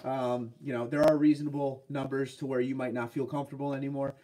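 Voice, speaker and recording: His voice is mid-range and dark, delivered flat and fast. On a casual livestream, this Boston-accented New Englander with a head cold takes it easy, reading viewers' chat comments aloud and responding to their questions about trucks.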